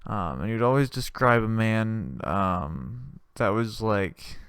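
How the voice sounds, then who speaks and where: A man's voice: on the low side, lively intonation, takes it slowly, a bit bright, clear, resonant tone, no room sound. A young man hosting a comedy video, telling a rambling, sarcastic story about a former job. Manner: rambling, sarcastic, laughing at his own jokes. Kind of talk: comedic monologue.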